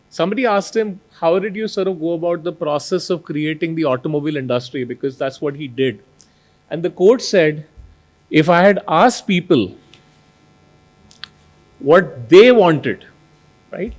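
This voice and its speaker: A man's voice: fairly high pitch, a little mellow. A middle-aged man giving a conference keynote, talking in a conversational way and often tagging "right?" onto his points. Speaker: keynote speaker. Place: conference hall stage.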